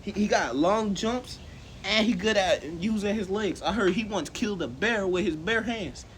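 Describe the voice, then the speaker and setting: Casual male storyteller, high-pitched, animated, slangy, acts out the dialogue. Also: normal speed, a little hiss or hum. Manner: animated and slangy, acts out quoted lines and laughs often. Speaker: co-host telling a fan story.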